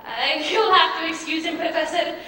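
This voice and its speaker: A woman playing a chatty, excitable Irish widowed mother in a stage musical, with an Irish accent. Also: extremely high pitch, moderate pace. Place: theater stage. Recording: echoey hall, miked from far off.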